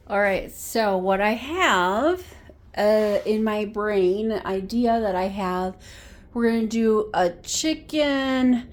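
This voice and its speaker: A woman's voice: medium pitch, a little hiss or hum. Chatty woman cooking in her kitchen. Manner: rambling, thinks aloud with fillers. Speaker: cooking vlogger. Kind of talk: casual cooking vlog chat. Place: home kitchen.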